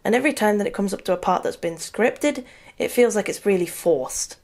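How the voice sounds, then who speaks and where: A woman's voice: medium pitch, expressive, brisk, a little mellow. A woman giving a casual, rambling rant review, sarcastic and often breaking into laughter. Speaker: video reviewer.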